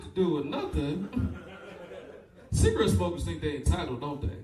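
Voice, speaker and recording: Profane young stand-up comic in an echoey club. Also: male voice, fairly high pitch, sing-song, normal speed, crowd noise. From Fort Wayne, Indiana. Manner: loose, profane, laughing at his own jokes. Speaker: stand-up comedian. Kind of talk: live stand-up set with crowd work. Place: comedy club stage. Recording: echoey club recorded from a distance.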